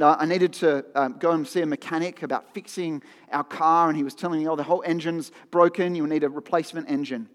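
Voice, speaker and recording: A man's voice: a little high, big-room sound. A man giving a sermon in an earnest, conversational way, often repeating phrases for emphasis. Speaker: preacher.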